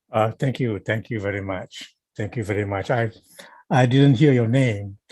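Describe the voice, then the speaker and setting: Man in his 70s, professor reading a lecture, slow and deliberate, husky voice, dry sound. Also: fairly low pitch, fairly even intonation, darkish tone, dry recording. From Malaysia.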